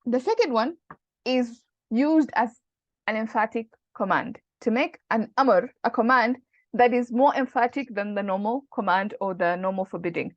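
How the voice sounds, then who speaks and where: A woman's voice: on the high side, moderate pace, no echo. Woman teaching grammar, dull dry sound. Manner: explains patiently, switches into Arabic quotes. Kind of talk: casual online lesson.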